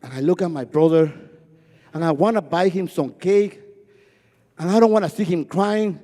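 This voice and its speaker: A high, mellow male voice, telling a personal story on a festival stage. He builds rhythm through repetition and has a stutter. A long hall reverb hangs behind each line. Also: normal speed. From Guatemala. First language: Spanish.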